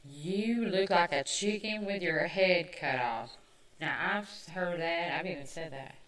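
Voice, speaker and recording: A Southern woman with a lowish voice talks slowly and chattily, making fun of herself as she goes. She sounds a bit far from the mic in an echoey room. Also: fairly bright tone. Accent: Southern American. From American South. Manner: chatty, self-mocking, quick asides. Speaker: podcast host. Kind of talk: casual chat.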